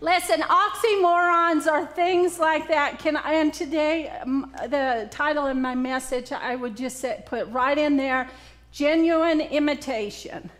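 A woman's voice: high-pitched, a little slow, a bit bright. A woman with a Southern US accent preaching a conversational sermon, joking with and quizzing her congregation.

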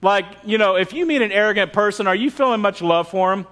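A man's voice: high-pitched, expressive, fast talker, a bit bright. A man, a pastor, preaching a sermon through candid, humorous storytelling.

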